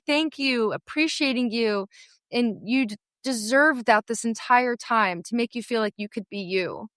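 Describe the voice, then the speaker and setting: Emotional woman podcast host, slightly high. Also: a bit bright, clear, resonant tone, no echo, clean studio sound. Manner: gushing, emotional, affirming. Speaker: podcast host and sales coach.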